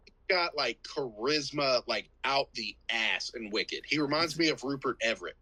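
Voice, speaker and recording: A man's voice: medium pitch, expressive, moderate pace, bright, forceful tone, breathy edge, no room sound, rough recording. A man co-hosting a casual podcast chat, rambling with lots of fillers and acting out scenes as he recaps them. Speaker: podcast co-host. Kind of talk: casual movie-review chat.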